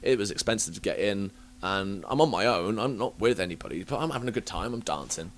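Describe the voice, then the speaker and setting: A young man hosting a podcast, telling stories in a casual, animated way, swearing freely and laughing often. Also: lowish voice, fast talker, a little hiss or hum. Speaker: podcast host. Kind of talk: casual chat.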